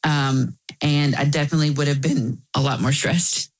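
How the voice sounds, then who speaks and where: A woman guest in an interview, earnestly telling a personal story with quick asides. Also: low-pitched, steady tone, low-quality recording.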